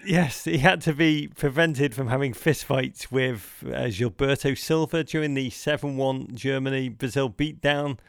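A man's voice: medium pitch, unhurried, gravelly, hardly any pauses, no room sound, clean studio sound. A man hosting a podcast, chatting with a guest in a playful, theatrical way. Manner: playful, theatrical turns of phrase. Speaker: podcast host. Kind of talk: casual podcast conversation.

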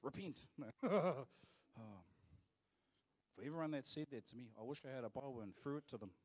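A man's voice: medium pitch, animated, normal speed, husky. New man preaching with emphasis. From New Zealand. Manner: emphatic preaching, turns to joking asides with the congregation. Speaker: pastor. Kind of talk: sermon. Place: church service, live.

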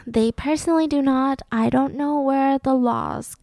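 A woman's voice: high voice, fairly even intonation, measured pace, creaky, a little mellow, no room sound. A young woman co-hosting a podcast, telling a true-crime story in a chatty way, full of "like". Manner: chatty, filler-heavy with "like". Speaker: podcast co-host.

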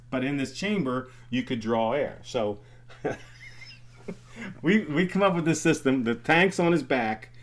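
An older man, a former athletic trainer, telling stories in casual chat with many restarts and laughs. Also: mid-range voice. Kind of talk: casual storytelling in a group chat.

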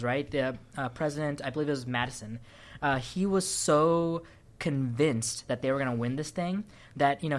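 Animated man telling a story. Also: medium pitch. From Sri Lankan family. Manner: animated storyteller, laughs often. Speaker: podcast host. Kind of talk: casual podcast chat.

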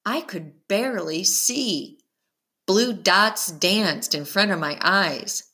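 A woman reading a first-person audiobook aloud, with expressive narration that follows the story's tension. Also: medium pitch, takes it slowly.

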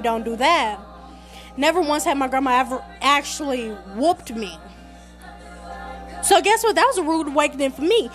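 A young woman hosting a podcast, telling stories about her family in an animated, chatty, conversational way. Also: high voice. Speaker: podcast host. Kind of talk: casual storytelling monologue.

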